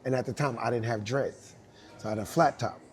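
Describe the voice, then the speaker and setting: A man tells a story in an interview, animated and quick to laugh. His voice sits at an ordinary middle pitch. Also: slight background noise. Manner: animated, laughing often, acts out quoted voices. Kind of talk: storytelling anecdote.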